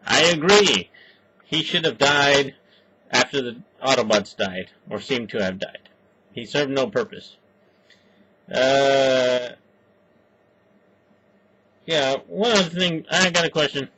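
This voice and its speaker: A man's voice: mid-range voice, pushed and bright, husky, low-quality recording. A man reviewing a movie in casual, rambling chat, swearing often and stopping on lots of fillers. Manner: profane, halting, full of fillers.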